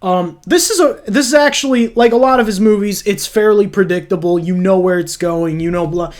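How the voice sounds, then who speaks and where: A man's voice: sits high, a little fast, darkish tone. A man casually reviewing movies, blunt and opinionated, swearing freely as he rants. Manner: blunt, profane, opinionated ranting.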